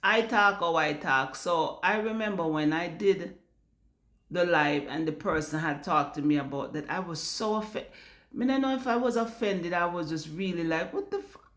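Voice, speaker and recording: A woman's voice: on the low side, normal speed, fairly bright tone, roomy sound. A Jamaican woman speaking bluntly in a casual vlog rant, swearing freely and slipping into patois. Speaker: vlogger. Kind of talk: casual ranting monologue.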